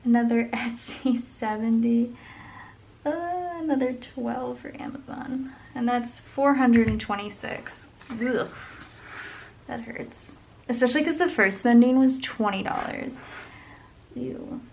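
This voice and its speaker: A woman's voice: fairly high pitch, takes it slowly, gravelly, pauses often, a little mellow, a little hiss or hum, poor audio. A woman chatting casually as she goes over her budget, thinking aloud and murmuring sums under her breath. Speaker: budget vlogger. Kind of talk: casual talk while planning.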